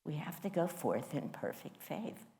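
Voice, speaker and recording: A woman's voice: low-pitched, very animated, unhurried, warm tone. A woman teaching a spiritual class, telling a personal story in a candid, self-mocking way.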